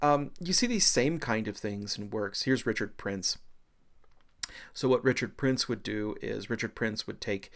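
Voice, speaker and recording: Lively low-voiced male art lecturer. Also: measured pace, creaky. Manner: animated, excitable, with frequent filler and self-deprecating jokes. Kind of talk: recorded university lecture.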